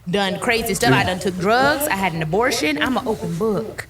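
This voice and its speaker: A woman's voice: mid-range voice, lively intonation, fairly quick, a bit bright, far from the mic, slight background noise. A woman giving a candid faith testimony as an interview guest, earnest and repeating soothing reassurances.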